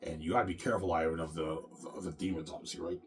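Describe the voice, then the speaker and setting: A man's voice: low-pitched, fairly even intonation, very fast. A man talking in a casual, rambling monologue, repeating himself and tagging lines with "man" and "obviously.". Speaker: vlogger.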